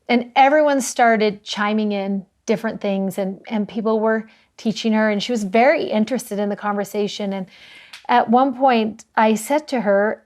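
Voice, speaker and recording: A woman with a fairly high voice co-hosts a casual scripture discussion. She talks earnestly and tells stories, drawing out the words she wants to stress. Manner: earnest, warm storytelling with slowed emphasis. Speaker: co-host of a scripture study show.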